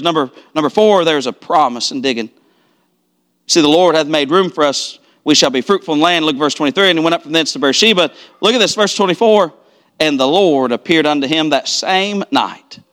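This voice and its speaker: A man's voice: high-pitched, pushed and bright. A middle-aged man preaching a revival-style sermon, rising into fervent, repeating cadences.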